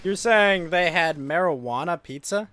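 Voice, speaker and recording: High animated ranting man streamer. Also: unhurried. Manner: ranting, exasperated, swears freely. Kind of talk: casual livestream chat while gaming.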